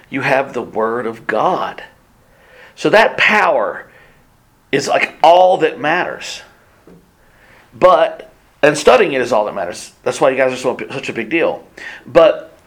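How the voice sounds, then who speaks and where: A male pastor telling a story in a sermon, acting out the people he quotes. His mid-range voice swings between loud bursts and hushed, almost whispered asides. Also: mid-range voice. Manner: animated, acts out quoted voices, drops to near whispers.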